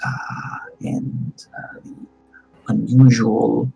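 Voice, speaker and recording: A man's voice: medium pitch, little pitch movement, extremely slow, gravelly, over music, poor audio. A man narrating a tabletop game as game master in a loose, restarting way.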